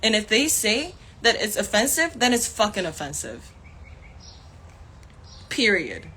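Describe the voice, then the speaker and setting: Young woman, fired-up livestream rant, swings up and down in pitch, swears a lot, faint noise behind. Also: sing-song, measured pace, pushed and bright. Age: young adult. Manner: angry, heated, swears often, laughs in frustration. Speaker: actor streaming live. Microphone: phone.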